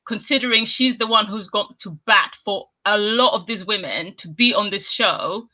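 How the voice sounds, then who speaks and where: A woman's voice: mid-range voice, moderate pace, sharp tone. A woman chatting on a live stream, talking emphatically in long run-on stretches with an indignant edge. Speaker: guest commentator. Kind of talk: casual live-stream chat.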